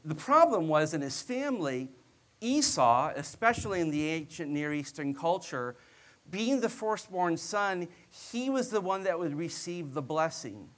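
A man preaching a sermon in a high voice, retelling the story in a relaxed, conversational way. He slips joking asides in among the narration and talks to his listeners as if chatting with them. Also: unhurried.

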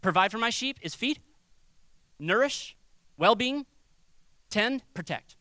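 A man preaching a sermon as a pastor, conversational and animated, acting out little quoted voices. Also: very high-pitched, slow, no echo.

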